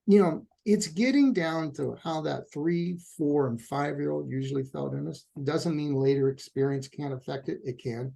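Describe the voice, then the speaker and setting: A middle-aged man speaks as a couples therapist in a relaxed interview, his voice gravelly and a little husky. He is a lively storyteller who slips into the voices of the people he quotes. His tone sits on the darker, mellow side. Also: on the high side, normal speed, few pauses. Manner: animated storyteller, acts out quotes. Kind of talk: conversational interview answer.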